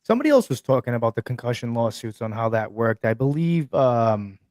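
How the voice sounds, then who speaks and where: A man's voice: mid-range voice, sing-song, a little fast, darkish tone, no echo. A man co-hosting a casual sports talk show, chiming in with short, laid-back remarks. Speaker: co-host.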